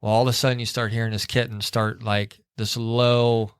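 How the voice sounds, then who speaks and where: A man's voice: mid-range voice, level tone, normal speed, smooth, no room sound, clean studio sound. A middle-aged man on a church podcast tells a long, rambling family story in casual chat, acting out the people he quotes. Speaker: podcast co-host.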